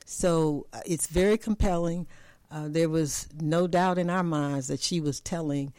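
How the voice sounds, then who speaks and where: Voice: medium pitch, steady tone, unhurried, darkish tone, clear, resonant tone, no echo. An interview host responding earnestly and affirming the guest's story. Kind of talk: interview conversation.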